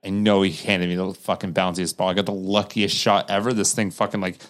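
A young man co-hosting a podcast in casual chat, swearing often and telling stories in an animated way. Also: sits low, a little fast. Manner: profane, animated storytelling. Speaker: podcast co-host.

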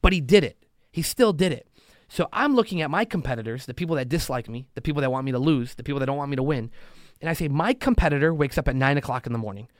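Expressive and fast, this mid-range male voice belongs to a loan officer guesting on a podcast. He chats casually but emphatically, motivating listeners and repeating his points to drive them in. Clean studio audio, with no echo.

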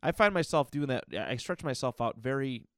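A man's voice: mid-range voice, expressive, a little fast, a bit bright, dry recording, clean studio sound. A man hosting a podcast, talking casually and candidly about his own life, rambling with many restarts and fillers. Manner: candid and reflective. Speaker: podcast host. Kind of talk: casual personal monologue.

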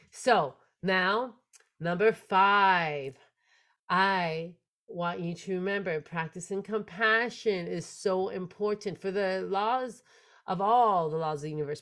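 A young adult woman hosting a spiritual podcast, telling her story in an animated way with big swings in loudness and pace. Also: lowish voice. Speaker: podcast host.

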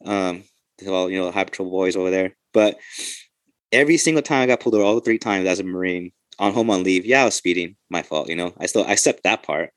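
Casting note: rapid, low-voiced cop, loose and profane, dry close sound. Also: male voice, no echo. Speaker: podcast host, police officer. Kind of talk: casual chat.

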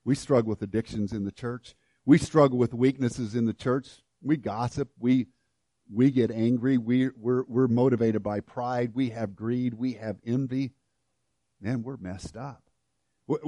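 A man preaching a sermon and telling a story, often restarting his words and swinging between loud and hushed delivery. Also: medium pitch, no room sound. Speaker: pastor.

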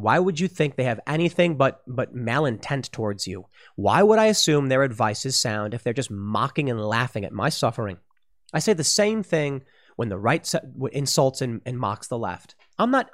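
A man delivering opinionated commentary to his audience, emphatic and heated, repeating words as he presses his points. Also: mid-range voice. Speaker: online political commentator.

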